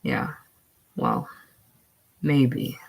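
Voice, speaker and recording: A reader voicing a blunt, mocking rural man in a casual play reading, low and quiet with a husky tone. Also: wildly swooping pitch, extremely slow, heavily acted, poor audio. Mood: gruff.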